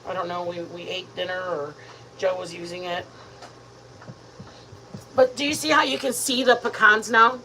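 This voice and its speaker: A woman's voice: fairly low pitch, moderate pace, long pauses, pushed and bright, a little hiss or hum, low-quality recording. A woman hosting a live cooking stream from her home kitchen, chatting in a rambling way and talking to viewers as "you guys". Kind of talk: casual live-stream chat while cooking.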